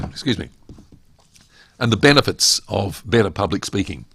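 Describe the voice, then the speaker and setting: A middle-aged man teaches public speaking in a low, gravelly and slightly husky voice. He is emphatic and animated, and he throws out rhetorical questions. The close, dry recording keeps every word up front. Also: normal speed, no room sound. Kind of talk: webinar lecture.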